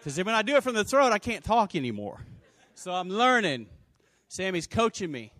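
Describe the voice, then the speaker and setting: Male pastor, high lively voice, dry close sound, energetic sermon delivery with shouts. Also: moderate pace, no room sound. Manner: animated preaching with shouts and call-and-response.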